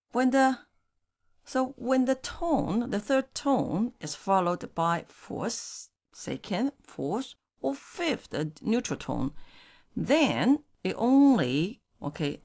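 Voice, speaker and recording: Slow-spoken teacher woman, gravelly. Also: a little high, very animated, darkish tone. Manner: patient, repeats syllables slowly, laughs easily. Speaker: Chinese teacher. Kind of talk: slow pronunciation drill.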